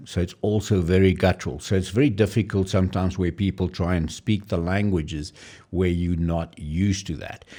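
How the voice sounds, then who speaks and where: A man with a very low voice talks through a language-learning tutorial. He explains calmly, stopping to sound out foreign words slowly so the listener can follow. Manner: explanatory, pausing to demonstrate pronunciations. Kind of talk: casual screen-share tutorial.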